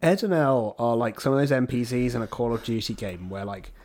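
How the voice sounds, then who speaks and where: A man and returning guest chatting casually in a group, blunt and sardonic with quick jokes. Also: mid-range voice, animated, darkish tone.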